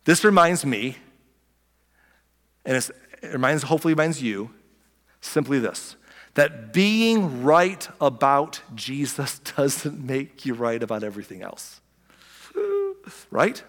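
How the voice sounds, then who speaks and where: Animated preacher in a reverberant hall. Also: male voice, mid-range voice, unhurried, pauses often. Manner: animated preaching, acts out voices of the story, chuckles often. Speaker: pastor. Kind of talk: sermon.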